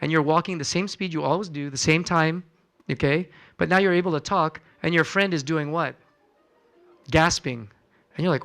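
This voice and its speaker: Man doc giving a health talk at a church, chatty, keeps asking the crowd stuff, acts out his patients, voice sits a bit high. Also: normal speed, fairly bright tone. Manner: conversational, quizzes the audience, acts out patient chats. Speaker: physician presenting a wellness seminar. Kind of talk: health lecture to a live audience. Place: church hall.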